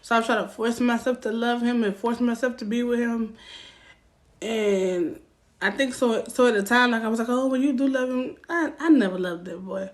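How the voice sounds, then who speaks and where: Young woman, Southern US accent, casual story-time vlog, loud and profane, higher pitched voice. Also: moderate pace. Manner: animated, loud and profane, acting out quotes with rising heat. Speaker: vlogger telling a story time.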